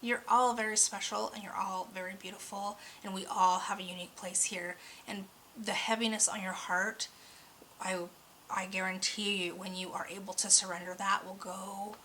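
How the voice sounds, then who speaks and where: A woman's voice: medium pitch, flat delivery, normal speed, bright, forceful tone, a little hiss or hum, low-quality recording. A woman giving a weekly oracle card reading, talking earnestly and a bit ramblingly, openly emotional, her voice close to cracking. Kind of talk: spiritual card reading monologue.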